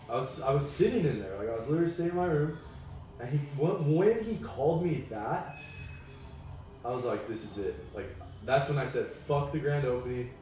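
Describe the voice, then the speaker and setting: A man's voice: medium pitch, a little mellow, recorded from a distance, slight background noise. Young man speaking from across an echoey room. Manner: defensive, explaining himself. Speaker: roommate. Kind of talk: casual chat.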